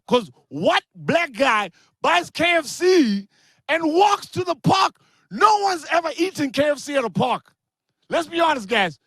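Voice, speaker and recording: A brash stand-up comedian with a high-pitched male voice delivers crude, animated jokes in an online set, swinging between big shouted punchlines and quick asides. The sound is dry and close, with no room sound at all.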